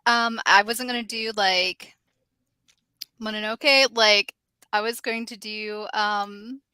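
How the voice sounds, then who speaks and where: A woman's voice: medium pitch, fairly even intonation, slow, sharp tone, clear, resonant tone, no room sound. A woman from the American South chatting casually on a live show, telling stories with lots of fillers. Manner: chatty storyteller, many fillers. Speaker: co-host. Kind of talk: casual chat.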